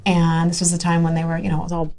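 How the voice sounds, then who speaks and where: A woman's voice: lowish voice, completely flat delivery, warm tone. A woman, the host, chatting casually and telling a funny story of her own. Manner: reacts with quick exclamations. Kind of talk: casual chat.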